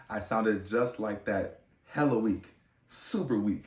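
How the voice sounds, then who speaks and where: Young male podcast host, low voice, casual slangy storyteller, roomy off-mic sound. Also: takes it slowly, distant mic, slight background noise. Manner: animated, slangy, many fillers and restarts. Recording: echoey room, off-mic.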